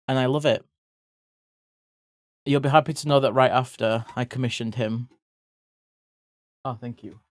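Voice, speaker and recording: A livestreamer chatting casually with viewers while drawing, swearing freely and breaking into excited yelps. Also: mid-range voice, measured pace, pauses often, no room sound.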